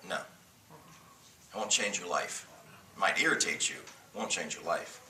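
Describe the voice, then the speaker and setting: Bright-voiced man teaching a church class. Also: lowish voice, very animated, measured pace, long pauses, recorded from a distance. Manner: emphatic, joking storyteller. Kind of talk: church class lecture with call-and-response. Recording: roomy room mic from afar, faint noise.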